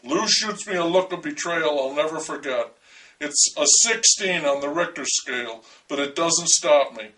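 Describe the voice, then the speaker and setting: A man reads a first-person story aloud with dry, wry humor. His voice sits a little high for a man. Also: normal speed, bright, forceful tone, far from the mic, rough recording.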